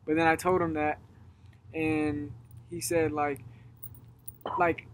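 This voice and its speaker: Young guy rambling thru a story outside, voice a bit high, faint noise behind. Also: slow. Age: young adult. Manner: rambling storyteller, animated when retelling. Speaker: guest. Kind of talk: casual chat. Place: outdoors at dusk.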